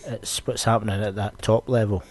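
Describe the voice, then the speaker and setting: A young Scottish man hosting a podcast, ranting in a loose, sweary, storytelling way. His voice sits fairly low and has a husky edge. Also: fairly even intonation, brisk, a little mellow. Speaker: podcast host. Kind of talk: casual podcast chat.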